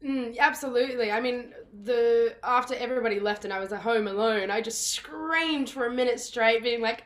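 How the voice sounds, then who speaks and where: A woman's voice: fairly high pitch, moderate pace, few pauses. A young woman, a theatre actress telling stories in a casual interview over a video call, bubbly and laughing often. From Australia. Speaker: guest, musical theatre actress.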